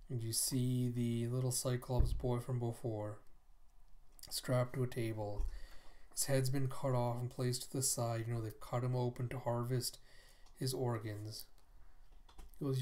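A man's voice: medium pitch, little pitch movement, unhurried, darkish tone. A man casually reading through a comic book, retelling the scenes in a chatty, conversational way. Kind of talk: casual comic read-aloud narration.

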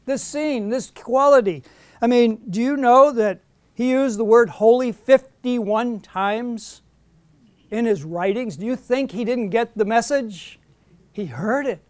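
A middle-aged man with a fairly high voice leads a Bible study, animated and emphatic as he questions his class. The sound is close and dry, with no room echo. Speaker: Bible teacher. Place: indoor classroom.

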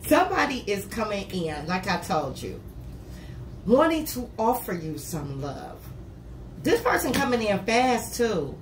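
A woman's voice: medium pitch, a little slow. A woman giving a casual tarot reading to camera, talking bluntly and with plenty of swearing, often saying "you know". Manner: blunt, profane and talkative, with repeated "you know". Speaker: tarot reader. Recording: echoey room with steady noise.

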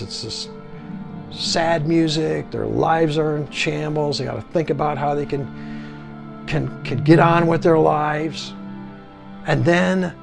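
A middle-aged man with a gravelly, creaky voice reviews a film from his home theater. His talk is eager and repetitive, hammering the same praise again and again. Faint music plays behind him. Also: fairly high pitch. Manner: enthusiastic and repetitive, stressing words. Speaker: movie reviewer. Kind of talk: casual home video review.

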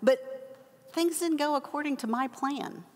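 An older woman teaching a Bible lesson, telling a personal story with animated acted-out quotes. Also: high voice, unhurried. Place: church hall. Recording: long hall reverb.

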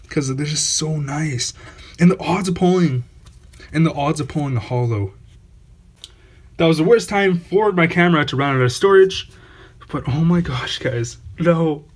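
A man's voice: a little high, normal speed, breathy edge. A man hosting his own channel, giving casual unboxing commentary, awestruck and repeating exclamations over and over. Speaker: channel host opening trading card packs.

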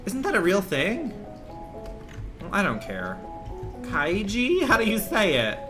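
A male streamer grumbles through a game with crude sarcasm, and his pitch swings widely from low mutters to sudden squeaks. Game music runs loudly under him. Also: wildly swooping pitch, measured pace. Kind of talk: casual let's-play commentary.

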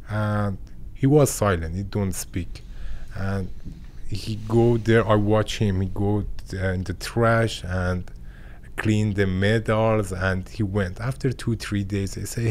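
Halting man with a Persian accent. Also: fairly low pitch, steady tone, darkish tone, a little hiss or hum. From Iran. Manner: halting, searching for words in broken English. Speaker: boxer guest. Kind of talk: interview conversation. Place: podcast studio.

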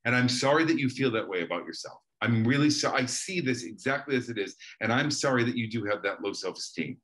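Earnest man explaining in halting phrases. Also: mid-range voice, lively intonation, fairly bright tone. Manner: earnest, halting, repeats words as he searches for phrasing. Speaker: guest author. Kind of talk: reflective interview talk.

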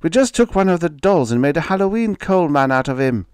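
A scared young boy pleading to be let go, as a man puts him on. The voice is pushed well above the reader's own, loud and strained. The recording is dry and close. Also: fairly high pitch, lively intonation, a little fast, smooth, no echo, pitched above the performer's own voice, close to an everyday voice. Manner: pleading, protesting.

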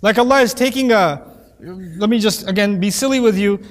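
A man's voice: sits high, moderate pace. Guy teaching quran commentary, casual and jokey, does little voices, long echo like a big hall. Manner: conversational and joking, acts out quoted voices. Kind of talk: lecture-style Quran commentary.

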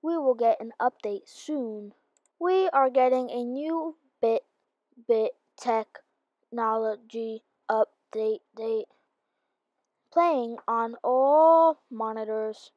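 A woman's voice: fairly high pitch, takes it slowly, a little mellow, no echo, dull audio. A woman voicing a robot announcer who reads out announcements in game role-play. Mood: announcing.

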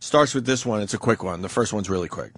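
A man's voice: lowish voice, fast talker, very noisy. Wry male radio co-host. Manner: dry, wry setting up of tapes. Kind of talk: casual radio talk show banter.

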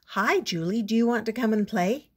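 A woman's voice: a little high, expressive, normal speed, darkish tone, breathy edge. A friendly young boy from a storybook, cheerful and eager to invite a new friend over, as an older woman voices him while reading aloud. The voice stays close to an ordinary speaking voice, with a light, inviting tone.

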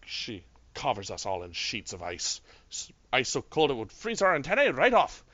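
A man's voice: medium pitch, lively intonation, a little slow, fairly bright tone, dry recording. A man voicing an Andorian village chief's daughter, a woman with a put-on brash Scottish-style brogue, telling folksy tales. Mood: boisterous. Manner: folksy, gossipy storyteller. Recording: dull lo-fi dry online mic.

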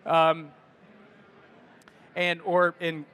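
Chatty man with a high voice. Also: moderate pace, fairly bright tone. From United States. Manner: rambling, many fillers and restarts. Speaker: photographer giving a presentation. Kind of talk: casual talk to an audience.

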